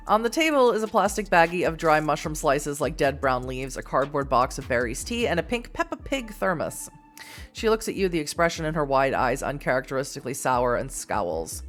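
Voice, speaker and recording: A woman's voice: low voice, sing-song, fairly quick, soft background music. A woman from Massachusetts reading an interactive novel aloud as a streamer, giggly and self-deprecating in her chat asides. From Massachusetts, USA.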